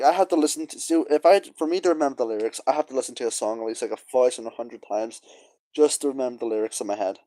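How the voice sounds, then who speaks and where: A young man muses in a loose, rambling monologue, full of fillers, sighs and wistful pauses. His voice is dark and mellow, and it sits in a dry, close space with no room sound. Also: mid-range voice, dry recording. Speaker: vlogger. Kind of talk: casual nostalgic monologue.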